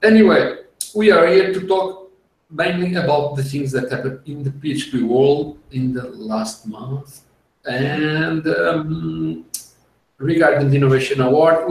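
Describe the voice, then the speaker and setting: Slow-talking man hosting a podcast. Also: mid-range voice. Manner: unhurried, explanatory, laughs easily. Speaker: podcast host. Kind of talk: casual tech podcast chat. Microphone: video call. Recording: echoey room, far from the mic.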